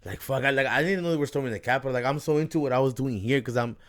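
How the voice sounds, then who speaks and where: Speaking at a racing pace in a medium-pitched voice, a young podcast host chats casually, cursing a lot and breaking into laughter.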